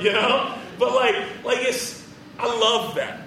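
A man preaching an animated, playful sermon to students, acting out the people in his story. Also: extremely high pitch, moderate pace, crowd noise. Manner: animated, playful, acts out quotes. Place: large room with audience. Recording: roomy hall, distant from mic.

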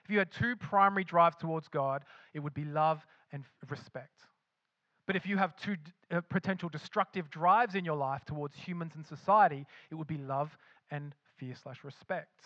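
A man's voice: a little high, moderate pace, a bit bright, dry recording, lo-fi sound. A man preaching a sermon as pastor, emphatic, with frequent repeated restarts. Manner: acts out imagined voices of believers.

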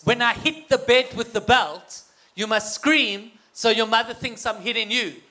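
A man's voice: very high voice, measured pace, background noise. A man with a South African accent telling a humorous personal story to an audience, getting the crowd to call back. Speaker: guest speaker.

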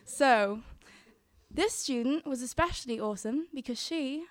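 Young woman telling a story, slightly high voice. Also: measured pace, dry recording, studio quality. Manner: chatty, quotes her own thoughts. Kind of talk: live storytelling on stage.

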